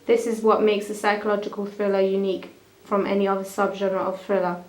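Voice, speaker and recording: A woman's voice: medium pitch, flat delivery, fairly quick, reverberant, low-quality recording. A young woman reading a school media evaluation, often stumbling and restarting her lines. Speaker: student presenter.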